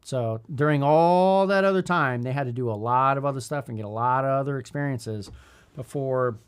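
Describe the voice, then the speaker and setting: A man in his thirties co-hosts a leadership podcast, speaking in a smooth, mid-range voice at a moderate pace. The chat is casual, and he rambles thoughtfully with many restarts.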